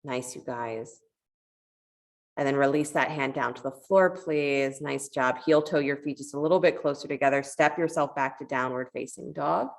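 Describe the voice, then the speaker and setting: Low, gravelly-voiced woman yoga teacher. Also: normal speed. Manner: calm, encouraging cueing with a parable told in between. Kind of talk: guiding a yoga class.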